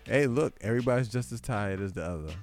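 A man's voice: lowish voice, lively intonation, fast talker. A man co-hosting a radio show, trading teasing banter about sports. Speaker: radio co-host. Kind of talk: casual sports chat.

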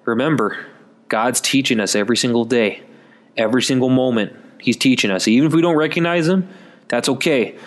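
A man giving a conversational Catholic Advent sermon in a folksy, chatty way, calling listeners folks. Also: mid-range voice. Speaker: Catholic preacher.

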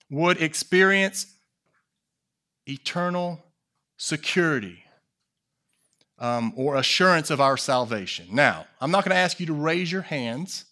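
A male pastor preaching a sermon, swinging between hushed low phrases and loud emphatic peaks, asking the congregation questions and joking with them.

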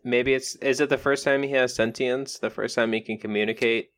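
A man's voice: medium pitch, fairly even intonation, brisk. A man co-hosting a comedy podcast, riffing loosely with lots of filler words. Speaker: podcast co-host. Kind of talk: casual comedic brainstorming chat.

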